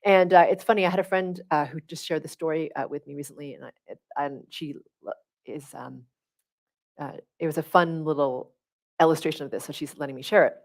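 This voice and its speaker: A middle-aged woman hosts a livestream and teaches in a casual, conversational way. She talks with animated energy and keeps checking in with her listeners as she goes. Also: sits low, a little fast. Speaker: spiritual coach hosting a livestream.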